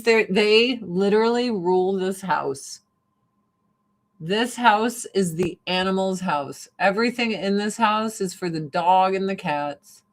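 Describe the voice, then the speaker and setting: A woman's voice: medium pitch, slow. A middle-aged woman chatting bluntly and profanely while doing her makeup on a livestream. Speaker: vlogger. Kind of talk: casual get-ready-with-me livestream chat.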